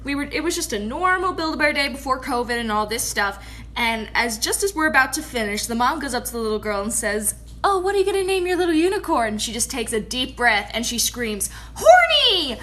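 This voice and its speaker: A woman who works in a toy store, casually telling funny customer stories to camera, animated and laughing as she goes. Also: on the high side, brisk, a little hiss or hum. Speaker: retail store employee.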